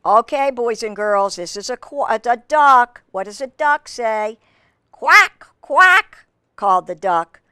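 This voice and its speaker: A woman's voice: on the high side, unhurried, few pauses, fairly bright tone, clean tone, no room sound. A woman reading a picture book aloud to children, with chatty asides to her young listeners and playful animal sounds. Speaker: children's storyteller.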